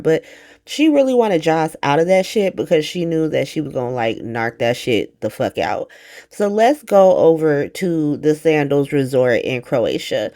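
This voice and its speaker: A woman with a low voice runs through a soap opera recap in a loose, profane, slangy way. She keeps breaking off into asides and quick reactions as she goes. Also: darkish tone. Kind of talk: casual recap monologue.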